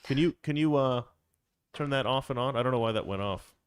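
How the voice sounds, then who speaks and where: A man's voice: mid-range voice, a little fast, clean tone, no room sound, clean studio sound. A middle-aged man hosting a casual political talk show, rambling and wry, often stopping to restart his sentences. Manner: rambling, self-interrupting, wry. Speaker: political commentary host.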